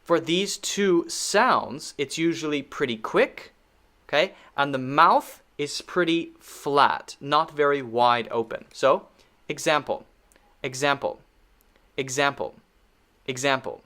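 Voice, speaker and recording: Bright-voiced man teaching pronunciation. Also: on the high side, lively intonation. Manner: demonstrates words by repeating them slowly; patient, frequent checking "okay?". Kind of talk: pronunciation lesson.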